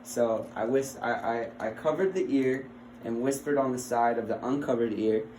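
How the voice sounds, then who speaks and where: A man's voice: medium pitch, moderate pace, a little mellow. A young man, a health assessment student, giving a casual demonstration at home; he is chatty and fumbling, laughs often and coaxes his dog. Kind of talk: casual recorded skills demonstration. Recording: roomy with faint noise.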